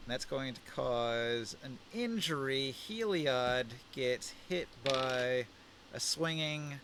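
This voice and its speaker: A man's voice: mid-range voice, a bit bright, slight background noise. Easygoing man running a tabletop game. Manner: easygoing, with fillers and laughs. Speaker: game master.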